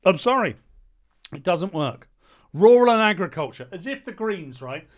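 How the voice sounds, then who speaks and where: A man delivers a heated commentary in a high voice. He reads a point aloud, then tears into it with sarcasm and blunt insults. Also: sing-song, moderate pace. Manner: sarcastic, mocking, hurls insults. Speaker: political commentator. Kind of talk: ranting commentary.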